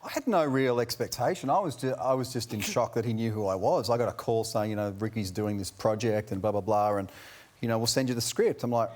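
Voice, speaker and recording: A man's voice: mid-range voice, fast talker, a little mellow. A man telling a wry, understated story as a talk show guest. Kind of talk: anecdotal chat.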